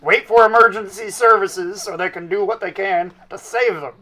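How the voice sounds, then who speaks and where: A man's voice: high voice, moderate pace, pushed and bright. A man playing in a tabletop role-playing game who scolds earnestly. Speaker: player. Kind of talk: casual role-play chat.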